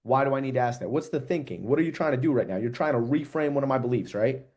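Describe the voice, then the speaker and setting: A man giving sales coaching feedback on a call. He talks quickly, casually and directly, with plenty of slang. His voice has an ordinary middle pitch. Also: expressive, darkish tone.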